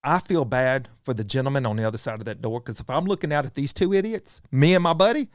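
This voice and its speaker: A man's voice: medium pitch, quick pace, dry recording, studio quality. A middle-aged man with a Southern US accent, a podcast guest telling a story with animation and acting out the voices of others. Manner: animated, acts out voices of friends and strangers. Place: podcast studio.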